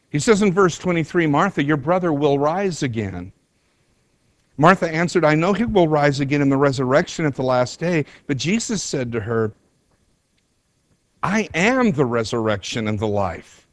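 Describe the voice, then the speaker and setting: A man's voice: medium pitch, no echo. A man preaching an earnest sermon, retelling a scripture story with rising emphasis. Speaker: pastor.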